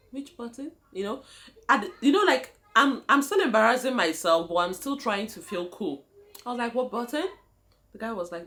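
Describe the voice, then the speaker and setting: A woman's voice: mid-range voice, a bit bright. A young Nigerian woman with a Nigerian accent, telling a casual story to her viewers, laughing often and calling them guys. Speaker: vlogger.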